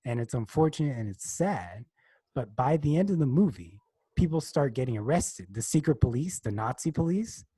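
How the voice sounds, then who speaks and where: A man's voice: mid-range voice, animated, moderate pace, dark tone, slightly rough, dry recording. A young man casually retelling a movie on a podcast, rambling and restarting his sentences. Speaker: podcast co-host. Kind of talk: casual chat.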